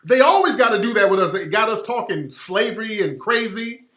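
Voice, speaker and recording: A man's voice: high-pitched, big pitch swings, a little fast, sharp tone. A man hosting a radio show, giving a blunt, emphatic monologue and repeating his points for effect. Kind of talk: impassioned monologue. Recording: roomy echo.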